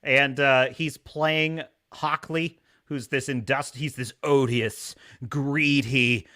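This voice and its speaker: A man's voice: mid-range voice, fairly even intonation, slow, pushed and bright. A man hosting a casual livestream, talking animatedly, laughing often and reading chat comments aloud. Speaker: livestream host.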